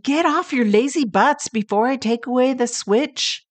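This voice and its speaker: A woman's voice: high-pitched, unhurried, pitched above the performer's own voice. A woman voicing an angry mother who sharply scolds her sons. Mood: scolding.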